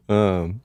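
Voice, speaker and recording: A man's voice: on the low side, dark tone, dry recording. Laughing, profane gamer man streaming. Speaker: livestream gamer. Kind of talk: casual live-stream chat.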